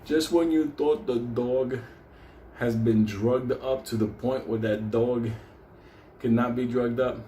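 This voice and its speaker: A man tells a profane neighborhood story in a mellow, dark voice, laughing between lines. The sound is roomy and echoey, with a faint hum of ambience behind him. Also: mid-range voice, slow pace. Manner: animated, swearing constantly, laughing through the story. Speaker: storyteller host.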